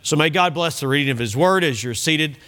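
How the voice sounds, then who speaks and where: A man's voice: a little high, a little fast, pushed and bright. A man pastor preaching a sermon, emphatic and fond of repeating key phrases.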